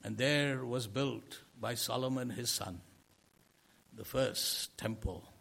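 Gravelly, husky male preacher, slow sermon. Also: medium pitch, a bit bright. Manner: earnest, rhetorical questions, swelling emphasis.

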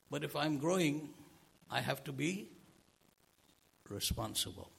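A man's voice: on the high side, expressive, measured pace, creaky, a bit bright, breathy edge. A man preaching a sermon to a congregation, asking them rhetorical questions. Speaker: pastor.

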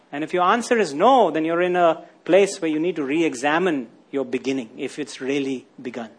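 A man's voice: a little high, husky. A man preaching a sermon, often asking his listeners rhetorical questions and tagging lines with "isn't it?".

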